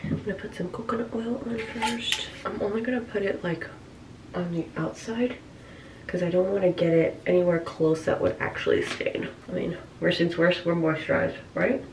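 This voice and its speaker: A woman's voice: on the low side, steady tone, moderate pace, background noise. A woman making a casual vlog at home, gasping and exclaiming, often dropping to a half-whisper. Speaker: vlogger. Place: bathroom at home. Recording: echoey room, voice a bit far from mic.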